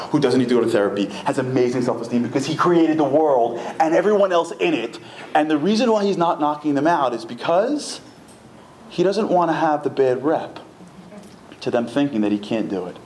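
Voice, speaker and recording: A man giving a comic, fast-moving religious lecture, acting out the voices of the people in his stories. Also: medium pitch, a little mellow. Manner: comic, acts out quoted voices, rapid storytelling. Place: packed synagogue hall. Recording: echoey hall with faint room noise.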